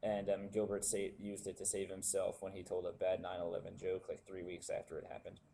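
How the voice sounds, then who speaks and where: A young man rambling casually to his webcam with many pauses and fillers. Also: low voice, monotone, gravelly, warm tone, a little hiss or hum. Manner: meandering, unscripted, many fillers. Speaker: vlogger.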